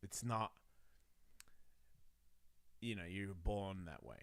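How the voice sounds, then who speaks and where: A man's voice: low-pitched, slow, smooth. A middle-aged man hosting a radio talk show, chatting casually and profanely and acting out the people he quotes. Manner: animated, acts out the people he quotes. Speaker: radio host and podcaster.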